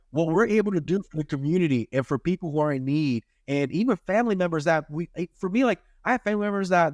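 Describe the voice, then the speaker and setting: Male podcast host, 30s, earnest and preachy, lively pitch, dry close sound. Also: no room sound. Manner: earnest, preachy, lots of "right?" tags. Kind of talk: casual interview chat.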